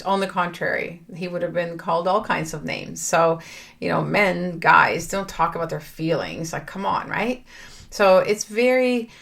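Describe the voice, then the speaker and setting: A woman's voice: lowish voice, creaky. A middle-aged woman hosting a podcast, talking earnestly and reflectively in a personal monologue, with fillers and restarts. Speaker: podcast host.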